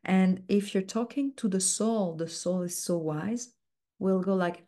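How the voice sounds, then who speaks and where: A woman mentor teaching a coaching technique, speaking slowly and softly with frequent fillers. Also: mid-range voice. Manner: slow, soft-spoken, uses many fillers.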